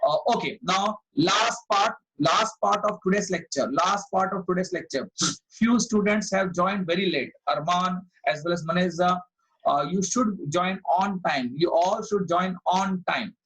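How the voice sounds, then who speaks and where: A man with a fairly high voice and an Indian English accent lectures to an online class. He restates each point several times, calls out students' answers and checks them one by one. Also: measured pace, fairly bright tone, slightly rough, low-quality recording. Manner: repeats phrases, quizzes students, praises answers. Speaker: online commerce tutor.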